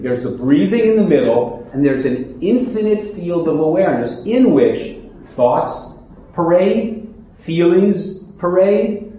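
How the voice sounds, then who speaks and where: A man teaching a mindfulness meditation class, explaining calmly and often restarting his sentences. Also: on the high side. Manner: calm, explanatory, with frequent restarts. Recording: very echoey room, faint noise.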